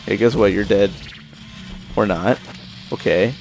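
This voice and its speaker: A young adult man giving casual, profane running commentary on his own gameplay, with sudden excited exclamations. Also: fairly low pitch, a little slow. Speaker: let's play gamer. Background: game music.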